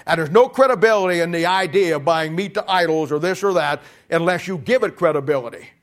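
Male preacher, high voice, animated sermon delivery with shouts and asides, conversational storytelling. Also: quick pace. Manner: animated, swings from shouting to quiet asides, laughs at his own jokes.

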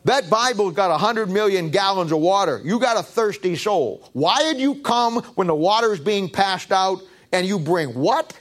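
A man delivers a sermon in a slightly higher-than-usual voice. He preaches emphatically, hammering points home with repeated lines and rhetorical questions. He often stumbles and restarts mid-sentence. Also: animated, normal speed, few pauses. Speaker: pastor.

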